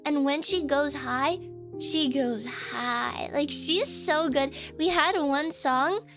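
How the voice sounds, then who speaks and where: A woman with a high, light voice chats casually on a live stream. She rambles to her viewers, with plenty of fillers and restarts. Soft music plays faintly behind her. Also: slow pace. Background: faint background music.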